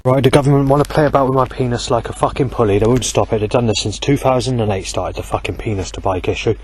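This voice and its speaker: This furious night-time monologue comes from a man with a mid-range, husky, somewhat mellow voice and a quick pace. He swears nonstop and rambles, recording himself outdoors on a handheld audio recorder.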